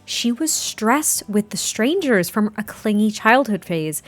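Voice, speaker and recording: Chatty woman narrating a life-sim game. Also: mid-range voice. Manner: chatty, excitable, quick to exasperation, laughs often. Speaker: let's play host. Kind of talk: casual gameplay commentary.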